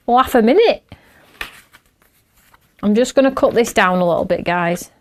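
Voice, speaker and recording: Woman, middle-aged, craft show host, chatty storyteller, laughs often, fairly high pitch. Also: expressive, moderate pace. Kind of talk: casual chat while crafting.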